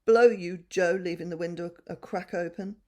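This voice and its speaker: A woman voicing an excitable young girl who frets and cheers over her pet bird. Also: normal speed, natural voice. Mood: distressed. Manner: high, eager and tearful.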